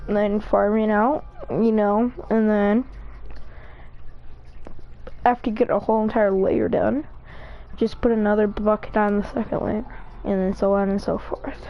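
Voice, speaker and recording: A woman's voice: mid-range voice, fairly even intonation, unhurried, long pauses, dull audio. A young woman streaming a game, chatting casually and rambling through jokey, absurd asides. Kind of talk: casual gameplay commentary.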